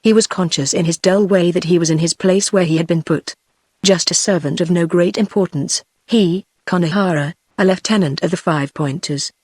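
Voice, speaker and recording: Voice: medium pitch, normal speed, no echo. Text-to-speech audiobook narrator, dry. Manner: even, flat machine delivery. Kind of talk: scripted narration.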